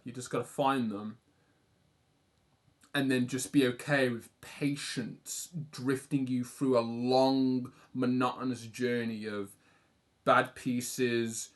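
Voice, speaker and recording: British man, young adult, unhurried rambling delivery, casual swearing, mid-pitched, live-stream chat. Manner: slow, rambling, self-deprecating, swears casually.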